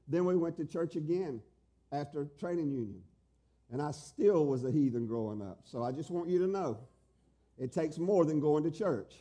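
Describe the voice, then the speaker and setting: High, emphatic preacher man. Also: animated, normal speed. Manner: emphatic, climbing to loud pleading peaks, then quiet and tender. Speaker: pastor. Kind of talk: sermon.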